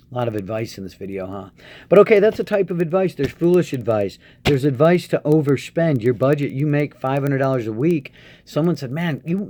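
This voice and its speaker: A man giving Christian advice in a casual, preachy monologue, animated and acting out voices. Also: mid-range voice.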